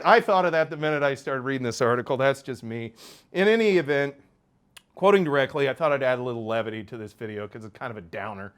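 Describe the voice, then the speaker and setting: A man, a lawyer hosting his own channel, talking through a news story in a rambling way with many fillers and restarts. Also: a little high. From United States. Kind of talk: casual commentary to camera.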